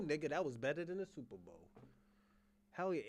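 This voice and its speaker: A man in casual, profane chat, teasing a friend with excitable, playful banter. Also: medium pitch, moderate pace, slight background noise.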